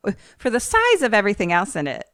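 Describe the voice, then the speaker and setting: A woman's voice: medium pitch, wildly swooping pitch, fast, dry recording, studio quality. A woman with a mixed American accent, a podcast co-host retelling a film plot in a loose, rambling way, full of quoted lines. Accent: mixed American, a little Philly and Maryland. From United States. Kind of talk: casual chat.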